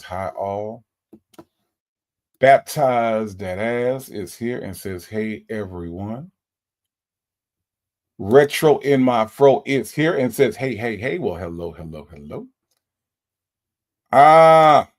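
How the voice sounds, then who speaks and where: A man's voice: fairly low pitch, vocal fry, darkish tone. A man hosting a casual livestream, greeting viewers by name in a folksy, chatty way. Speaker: livestream host.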